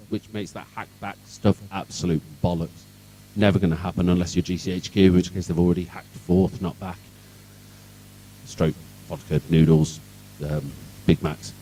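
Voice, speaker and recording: A man's voice: lowish voice, warm tone, far from the mic, poor audio. A man from Birmingham with a Birmingham accent, giving an irreverent, sarcastic conference talk on security and swearing freely. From England, Birmingham. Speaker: conference speaker. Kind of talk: sweary comic tech talk. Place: event hall.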